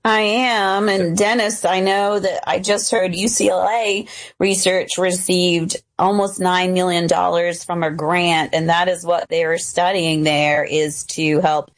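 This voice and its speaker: A woman doctor on a radio panel, giving measured, informative remarks. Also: lowish voice, fairly even intonation. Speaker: doctor guest.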